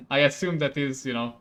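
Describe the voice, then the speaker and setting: A young man from Hungary with a Hungarian accent, a non-native English speaker, playing a game on stream, laughing often and getting worked up and loud. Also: mid-range voice. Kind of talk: gaming commentary.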